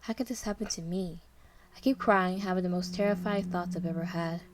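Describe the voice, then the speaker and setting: A woman's voice: lowish voice, brisk. Woman narrating a tense first-person story. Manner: dramatic, tense, fearful delivery. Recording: noisy background hiss.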